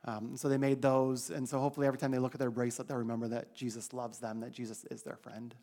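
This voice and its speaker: A man's voice: mid-range voice, fast, creaky. A man leading a church mission team, telling the congregation about the trip in a casual, chatty way on a handheld mic. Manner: chatty, animated when quoting others. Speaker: mission trip leader giving a church report.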